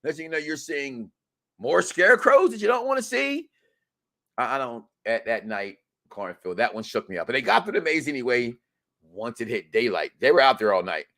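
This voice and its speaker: A man co-hosting a live review stream, joking in animated, loud-and-soft bursts. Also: mid-range voice, moderate pace. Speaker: co-host of a reality show review.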